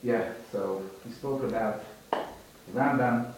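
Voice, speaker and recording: A man's voice: medium pitch, slow, a little hiss or hum. A man teaching a conversational religious class to students, telling parables and often repeating and restarting his phrases. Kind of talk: informal religious lesson with storytelling. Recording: very echoey room, mic far off.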